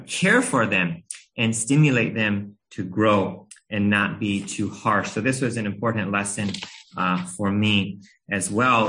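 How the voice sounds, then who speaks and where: A man in his thirties with a lowish voice preaches a sermon, recounting a family story earnestly and gently with a few hesitations. The audio is poor.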